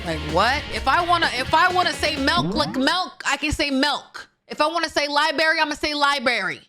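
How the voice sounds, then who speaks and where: A woman's voice: high-pitched, lively intonation, fast, sharp tone. Woman streamer from Seattle, blunt profane ranting, game music underneath. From Seattle, USA. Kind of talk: live gameplay commentary.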